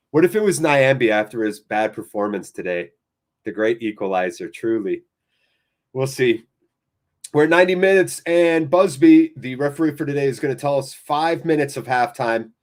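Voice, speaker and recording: Excitable American man calling a match. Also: medium pitch, normal speed. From United States. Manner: excitable, chatty, talks to viewers in chat. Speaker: fan watchalong host. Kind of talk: live watchalong commentary.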